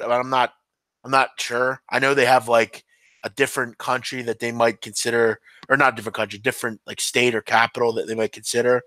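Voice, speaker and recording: A man with a mid-range, bright voice and a forceful tone hosts a podcast, recorded with no echo. He answers viewers in a casual live-stream chat, rambling and hesitant, full of ums and restarts.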